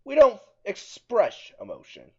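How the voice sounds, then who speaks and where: A man putting on a flat, deadpan voice for a stoic male alien science officer, in a game video. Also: sits high, measured pace, slightly rough, pitched above the performer's own voice, heavily acted. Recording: muffled with faint music.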